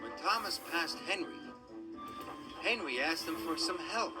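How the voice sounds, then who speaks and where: A man reading a children's train story aloud in a gentle, expressive storytelling manner. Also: a little high, a little slow, pauses often. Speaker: narrator. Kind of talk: storybook narration. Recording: music playing underneath.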